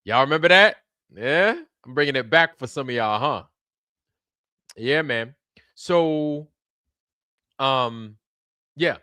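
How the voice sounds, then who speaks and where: A man's voice: mid-range voice, fairly bright tone, no room sound, clean studio sound. A man hosting a casual livestream, rambling and repeating words while checking in with viewers. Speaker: livestream host.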